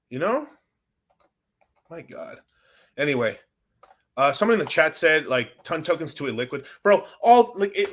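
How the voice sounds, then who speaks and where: Man, crypto livestream rant, profane, exasperated, rambling, lively swooping pitch, slightly high voice. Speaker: crypto streamer.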